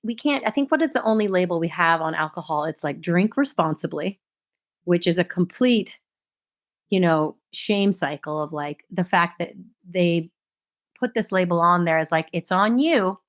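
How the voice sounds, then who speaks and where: Earnest woman with a lowish voice. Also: normal speed. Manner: earnest, impassioned, conversational. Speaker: podcast host. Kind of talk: solo podcast monologue.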